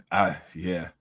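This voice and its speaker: Man, low-pitched, bright tone, relaxed podcast host, laughs a lot, dry sound. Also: creaky, breathy edge, no room sound. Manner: laid-back, laughs often, loose filler-heavy talk. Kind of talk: casual reaction chat.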